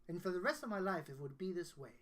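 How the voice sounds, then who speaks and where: A man's voice: high voice, lively intonation, quick pace, a bit bright. A man, a guest songwriter, telling a personal story in casual conversation, earnest and emotional, often restarting his sentences.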